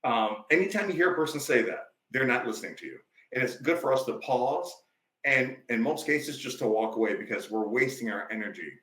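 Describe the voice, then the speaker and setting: A man's voice: medium pitch, animated, a little fast, a bit bright, reverberant, low-quality recording. A male life coach, a podcast guest, telling stories emphatically in a preachy, conversational way.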